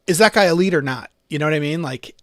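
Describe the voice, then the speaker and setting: Man with a slightly high, dry voice. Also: fast, no room sound. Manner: rambling storyteller, many restarts and fillers. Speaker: podcast co-host. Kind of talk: casual discussion.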